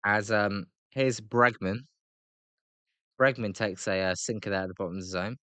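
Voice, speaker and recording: Bright-voiced British man calling baseball. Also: moderate pace, no echo. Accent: British English. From Britain. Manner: chatty, excitable calls on big plays, fillers between pitches. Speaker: live reaction commentator. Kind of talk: live play-by-play reaction.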